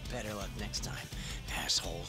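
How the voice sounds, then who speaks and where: A man's voice: sits low, normal speed, loud music behind the voice, close to an everyday voice. An actor playing a crooked, scheming male taxi driver with a crude, sneering manner in a video game. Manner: sneering, switches to fake panicked pleading.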